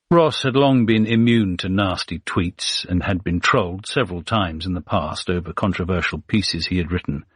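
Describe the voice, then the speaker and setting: Man, thriller audiobook narrator, measured, husky, dry close recording. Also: low voice, no room sound. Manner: steady, measured storytelling.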